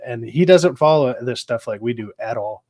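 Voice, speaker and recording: A man's voice: mid-range voice, animated, normal speed, darkish tone, no echo. A man in casual conversation, rambling and swearing now and then. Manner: conversational, rambling with fillers and profanity. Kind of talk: casual chat.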